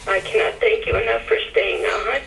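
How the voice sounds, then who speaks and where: A woman's voice: mid-range voice, steady tone, normal speed, vocal fry, a bit bright, recorded from a distance, a little hiss or hum. A woman in her forties calling a radio show, gushing and fighting back tears. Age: 40s. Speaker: caller. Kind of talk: emotional radio call-in. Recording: muffled phone line from afar.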